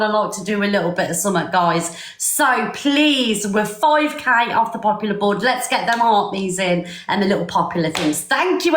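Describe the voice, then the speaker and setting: A woman's voice: fairly high pitch, a bit bright. A woman hosting a casual live stream, chatting and thanking viewers by name. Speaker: livestream host. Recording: roomy echo.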